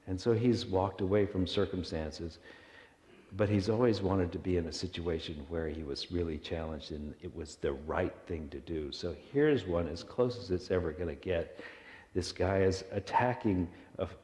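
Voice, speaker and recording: A man's voice: low-pitched, dark tone. A man, a minister, giving a reflective and earnest sermon told as a story, with small restarts. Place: church sanctuary. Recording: echoey church hall.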